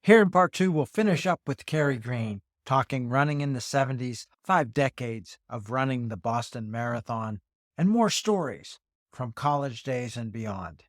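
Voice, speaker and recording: A man's voice: medium pitch, expressive, moderate pace, no echo. Man reading a dry, close podcast intro. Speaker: podcast host. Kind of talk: scripted show intro.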